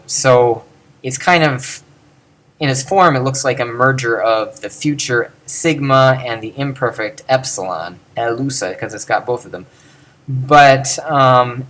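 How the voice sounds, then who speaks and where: Halting man lecturing at his computer. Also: medium pitch, a bit bright. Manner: thinking aloud, halting with fillers and restarts. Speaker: teacher. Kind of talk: lecture on Greek pronunciation.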